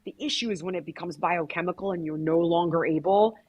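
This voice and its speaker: As an interview guest in a candid conversation, a middle-aged woman speaks bluntly and emphatically, swearing often. Her voice is on the low side, brisk, a little mellow and slightly rough, and the recording's highs are cut off.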